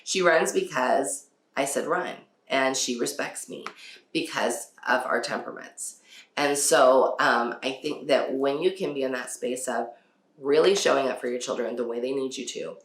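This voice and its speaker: A woman's voice: a bass voice, normal speed. A woman hosting a casual parenting talk. She laughs often and acts out quotes from her children. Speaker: podcast host. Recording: echoey room.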